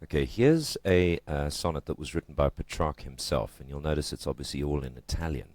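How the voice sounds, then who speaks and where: A man with an extremely deep voice gives a casual literature lesson. He chats and jokes his way through it and punches the stressed syllables. The sound is close and dry, with no room echo. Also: lively intonation, brisk, a little mellow. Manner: chatty and joking, with emphatic stresses. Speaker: literature teacher.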